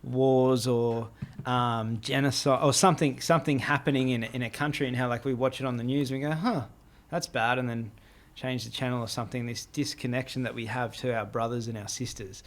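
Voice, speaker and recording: A man's voice: mid-range voice, fairly even intonation, brisk. A man hosting a podcast, talking in a casual, reflective way with many fillers. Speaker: podcast host. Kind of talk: casual conversational interview.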